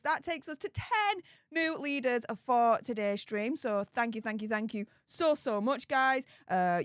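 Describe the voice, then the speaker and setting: A woman's voice: fairly high pitch, fairly bright tone, no room sound, studio quality. A woman hosting a live stream, reading out super chats and thanking viewers over and over in a bubbly way. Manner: bubbly, repeats thanks many times.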